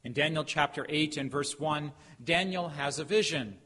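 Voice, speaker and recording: A middle-aged man preaching a sermon as a pastor, telling a story with emphatic pauses. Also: a little high, pushed and bright, husky. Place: church sanctuary. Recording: hall reverb, faint background noise.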